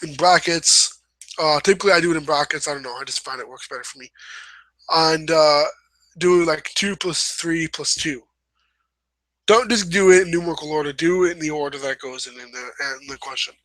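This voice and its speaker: A man's voice: on the high side, a little fast, bright, forceful tone, dry recording, low-quality recording. A young man giving a casual writing lesson, rambling a bit and correcting himself as he goes. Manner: rambling, self-correcting, apologetic asides. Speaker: host. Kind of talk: casual instructional talk.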